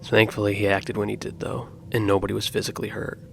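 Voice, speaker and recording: A man narrating true horror stories in a slow, grave scripted style. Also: fairly low pitch, completely flat delivery, vocal fry, slight background noise.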